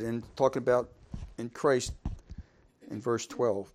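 A man's voice: mid-range voice, steady tone, slow pace, pauses often, a little hiss or hum. Casual, folksy male preacher. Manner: conversational, folksy, fillers, asks congregation questions; loudness swings from emphatic to quiet asides. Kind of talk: informal sermon.

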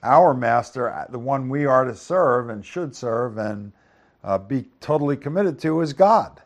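A preacher with an expressive voice and measured pace works through Bible verses, reading the scripture louder and then dropping into a low, easygoing aside to explain it. He keeps checking in with listeners, asking "right?" and "okay?".

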